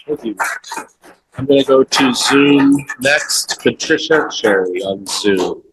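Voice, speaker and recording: A man chairing a public meeting, briskly calling on the next speakers. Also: mid-range voice, expressive, noisy background. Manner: brisk, procedural.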